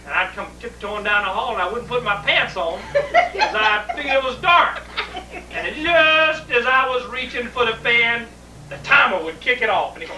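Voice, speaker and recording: A middle-aged man with a drawl tells a family yarn in a colorful, folksy manner. His voice is bright and forceful. It sounds like a roomy home video, taken from a distance, with faint hiss. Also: very high voice, animated, moderate pace. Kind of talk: animated family storytelling.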